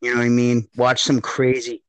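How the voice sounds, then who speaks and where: A man co-hosting a casual chat, joking and swearing in an animated way. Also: medium pitch, brisk, rough recording.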